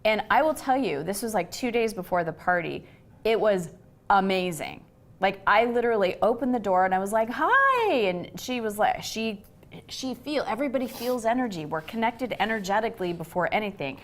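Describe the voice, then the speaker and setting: A woman's voice: medium pitch, brisk. A middle-aged woman telling a personal story in a casual conversational way, acting out the voices of people she quotes. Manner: animated, acts out quoted voices. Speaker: host.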